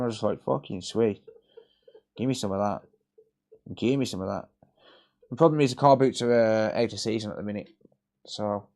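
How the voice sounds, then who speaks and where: A man's voice: fairly low pitch, darkish tone. A British man hosting a live repair stream, rambling in casual chat, swearing and laughing a lot.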